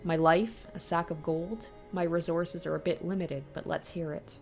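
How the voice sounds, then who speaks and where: A woman's voice: lowish voice, steady tone, normal speed, a little mellow, soft background music, lightly acted. A woman reading aloud the lines of a bitter, dying young man in a visual novel.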